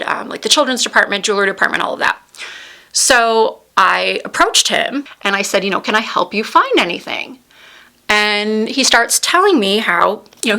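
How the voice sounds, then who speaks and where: A woman's voice: medium pitch, pushed and bright. A woman in her forties telling a heartfelt personal story while doing her makeup, close to tears as she recalls it. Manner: earnest, heartfelt retelling. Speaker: beauty vlogger.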